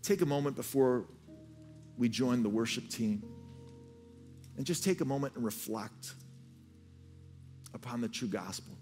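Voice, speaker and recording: A man's voice: medium pitch, a little slow, long pauses, a little mellow, soft background music. A man preaching a sermon as pastor. He tells his story earnestly and often repeats words as he restarts. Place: church stage.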